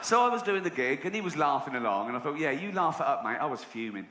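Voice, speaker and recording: Middle-aged English stand-up comic, sardonic delivery with sudden high-pitched voicings, recorded in a reverberant venue with audience noise. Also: male voice, animated, fast. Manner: sardonic storytelling, voices other people with pitch jumps. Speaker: stand-up comedian. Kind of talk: stand-up routine. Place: large live venue.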